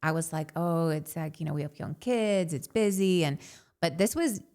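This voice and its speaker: Animated woman telling a personal story. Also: deep voice, moderate pace. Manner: animated, says "like" often. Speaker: podcast co-host.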